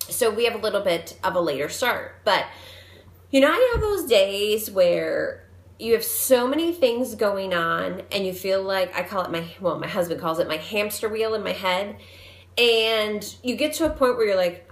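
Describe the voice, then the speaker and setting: A woman in her thirties talks casually straight to her viewers, a fitness coach sharing how stressed she feels. Her talk runs on in loose, rambling asides at a middle pitch. The sound carries a roomy echo. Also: expressive, normal speed. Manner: chatty, rambling, open about stress. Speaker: fitness coach and personal trainer.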